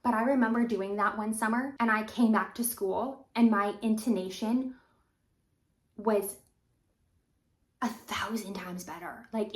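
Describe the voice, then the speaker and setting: A young adult woman teaching violin in a casual, encouraging way. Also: mid-range voice. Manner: casual, encouraging, demonstrates while talking. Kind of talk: instructional video talk. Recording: roomy echo.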